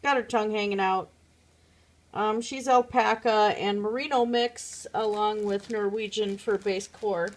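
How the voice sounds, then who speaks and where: A woman's voice: mid-range voice, fairly even intonation, measured pace. A woman chatting casually at home, showing her craft pieces to a phone camera, rambling with many fillers. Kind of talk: casual show-and-tell chat.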